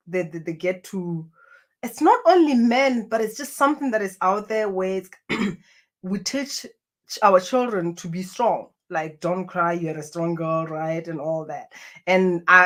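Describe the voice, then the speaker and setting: A woman talks to her viewers as a spiritual coach. Her delivery is earnest and unscripted. She often stumbles and repeats words before her point lands, and her pitch sits in a middle range. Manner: earnest, with many restarts and repeated phrases. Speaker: spiritual self-help coach. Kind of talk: spiritual self-help talk to camera.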